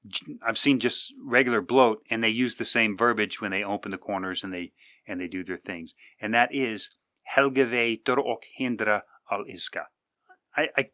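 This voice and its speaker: Podcast host, man, rambling casual talker; lowish, forceful tone; dry close-miked sound. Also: no echo. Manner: rambling, conversational, with many fillers and restarts. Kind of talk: casual monologue. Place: indoors, sitting with coffee.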